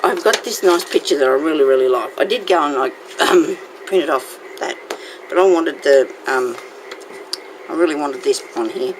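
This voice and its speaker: A woman's voice: low voice, moderate pace. A woman hosting a casual crafting tutorial, chatting to her viewers and talking to herself as she works. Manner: chatty, talks to herself while working. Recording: noisy home recording.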